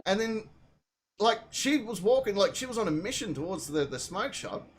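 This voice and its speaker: Lively Australian woman telling a story. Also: mid-range voice, brisk. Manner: animated, swearing storyteller. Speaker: comedian and show host. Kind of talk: live comedy chat show, storytelling.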